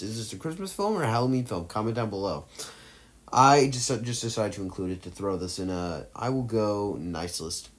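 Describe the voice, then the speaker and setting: A movie tier list vlogger with a fairly low voice ranks films in casual, hesitant commentary. He rambles, uses fillers often, and keeps correcting himself mid-sentence.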